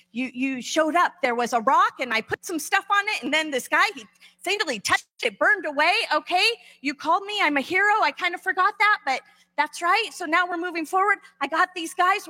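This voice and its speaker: A woman's voice: sits high, unhurried, hardly any pauses, a bit bright, pitched above the performer's own voice. A woman in a sermon voicing an eager biblical hero who talks himself up in breathless self-talk. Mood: excited. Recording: long echo of a large hall.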